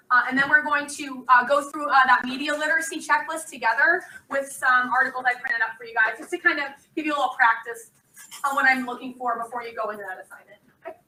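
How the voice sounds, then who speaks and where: A woman's voice: high voice, bright, forceful tone. A woman teaching a class in a casual, chatty lecture style, with many ums and uhs, recorded in a classroom from a distance. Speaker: instructor.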